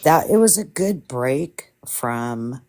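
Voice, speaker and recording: Very deep-voiced comforting woman. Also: lively intonation, slow pace, warm tone. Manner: affectionate, comforting. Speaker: livestream guest. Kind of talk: casual chat.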